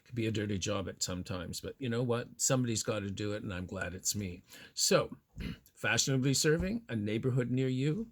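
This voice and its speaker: A man telling a fashion story as a vlogger, with a cheeky, flamboyant, over-the-top delivery and a slightly husky voice. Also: fairly low pitch, expressive, fairly quick. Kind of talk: theatrical storytelling monologue.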